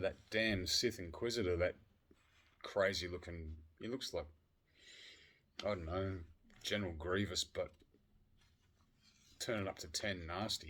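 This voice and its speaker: A man with a slightly low voice talks in a loose, casual vlog ramble. He swears freely and swings between loud bursts of excitement and low, mumbled asides. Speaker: vlogger. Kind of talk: casual chat.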